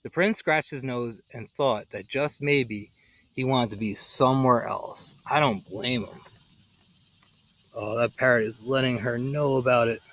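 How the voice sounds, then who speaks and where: A man reading a children's picture book aloud, animated and pausing for his own asides. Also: medium pitch, poor audio. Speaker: storyteller.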